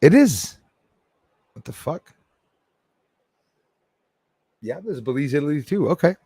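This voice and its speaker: A man with a highish, husky, warm voice swings widely in pitch and speaks slowly, with no room sound. He's hosting a casual livestream, reading chat comments aloud, laughing and cheerfully poking fun at himself.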